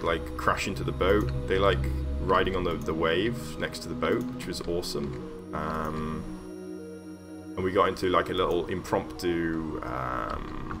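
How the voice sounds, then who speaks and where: A man streaming casually as he builds a game level, telling a rambling story full of ums and self-corrections. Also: low voice. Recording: streamed voice over background music. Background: background music.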